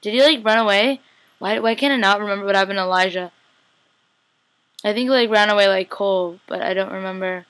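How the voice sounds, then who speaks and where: A woman's voice: mid-range voice, brisk, a bit bright. A young woman casually recapping a TV episode, chatty and slangy, acting out the characters' lines. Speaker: TV recap vlogger.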